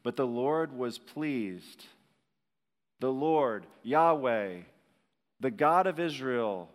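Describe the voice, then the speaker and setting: A man preaching a sermon in a slow, dramatic way, rising to emphatic peaks and dropping to hushed lines. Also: mid-range voice, expressive, big-room sound. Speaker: pastor.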